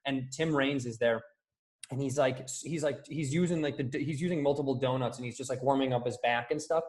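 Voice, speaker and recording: Animated storytelling man from Chicago. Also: mid-range voice, a little fast. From Chicago area. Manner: animated storyteller, acts out quoted voices. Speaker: podcast guest. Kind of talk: casual podcast storytelling.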